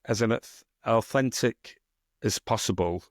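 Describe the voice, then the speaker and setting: A northern English man talks in a loose, rambling podcast chat, throwing in casual swearing and playful teasing. His voice sits low. The sound is dry and close, with no room around it. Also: measured pace, dry recording. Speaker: podcast co-host and self-published author.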